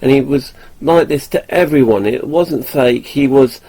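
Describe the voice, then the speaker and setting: A man's voice: mid-range voice, measured pace, dark tone, slight background noise, low-quality recording. A man vlogging casually, chatting in a jokey, eager way. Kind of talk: casual vlog talk to camera.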